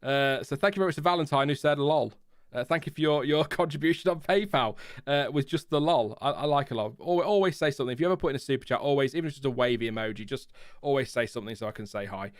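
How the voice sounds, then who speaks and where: Man, livestream host, chatty, smooth clear voice, dry close sound. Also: medium pitch, fast, no echo. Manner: chatty, laughs often, reads chat and press releases aloud. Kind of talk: casual live stream chat.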